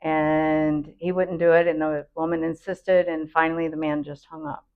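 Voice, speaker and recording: A woman's voice: deep voice, little pitch movement, moderate pace, clean tone, phone-quality sound. A woman host, a computer consultant, earnestly explaining a public safety warning.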